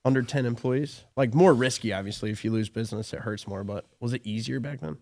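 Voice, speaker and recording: A man's voice: medium pitch, fast, a little mellow. A man co-hosting a podcast in casual chat, reacting, laughing along and asking follow-up questions. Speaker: podcast co-host.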